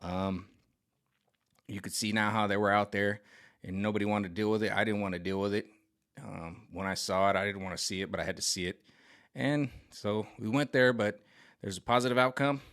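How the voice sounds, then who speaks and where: Rambling, emphatic man with a low voice. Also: fairly even intonation, brisk, fairly bright tone. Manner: rambling, repetitive, emphatic, with many restarts. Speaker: tarot card reader. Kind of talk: casual spiritual vlog reading.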